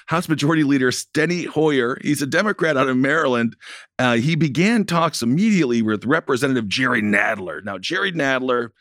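A man's voice: mid-range voice, expressive, fairly quick, fairly bright tone, no echo, studio quality. A man co-hosting a political talk show, talking casually with sarcastic, rambling jokes. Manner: sarcastic, rambling, jokey asides.

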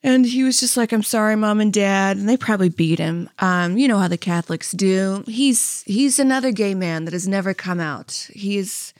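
A woman's voice: mid-range voice, no room sound, clean studio sound. A woman in her thirties, co-hosting a comedy podcast, rambling through anecdotes with lots of fillers, tangents and laughter. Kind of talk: casual rambling chat. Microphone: close studio mic.

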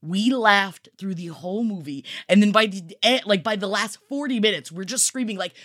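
An excitable podcast host chatting loosely and swearing freely, often mocking others in put-on voices. The pitch sits at an ordinary middle level. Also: normal speed. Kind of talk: casual comedic chat.

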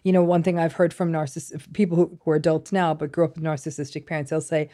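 Mellow, low-voiced woman psychologist. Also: flat delivery. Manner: measured, explains with examples. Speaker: psychologist guest. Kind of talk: explanatory podcast interview.

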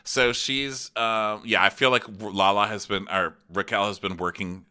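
A man co-hosting a comedy podcast, recapping a reality show in animated, casual chat. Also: unhurried, clear, resonant tone. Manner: animated, acts out quotes in high voices. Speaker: podcast co-host.

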